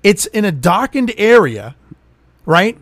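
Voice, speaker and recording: Middle-aged man, crude storyteller, somewhat high voice, bouncy delivery. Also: slow, no room sound. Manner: animated, swears freely, acts out quotes. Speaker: storyteller on a chat show. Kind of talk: profane casual storytelling.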